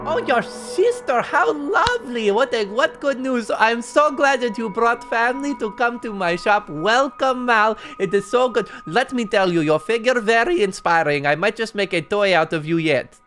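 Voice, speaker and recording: A man voicing a flamboyant male toymaker in a jester outfit, gushing and flattering in a high singsong way, with music behind. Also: moderate pace, few pauses.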